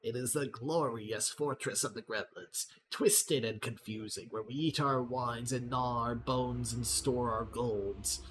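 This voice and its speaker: A man's voice: mid-range voice, unhurried, few pauses, noisy background, close to an everyday voice. Lord Chuckles, a man reading a smug gremlin lord. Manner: smug, taunting, mock-regal. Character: boastful cruel male gremlin lord.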